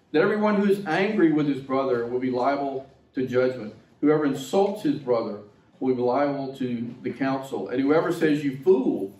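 A man's voice: medium pitch, a little mellow, far from the mic, slight background noise. Man preaching in an echoey room. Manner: conversational, illustrative preaching with asides. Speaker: pastor. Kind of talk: sermon.

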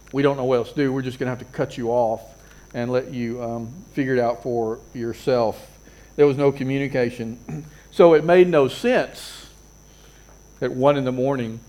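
A man's voice: mid-range voice, darkish tone. A man preaching a sermon as a pastor, earnest, repeating phrases and building emphasis.

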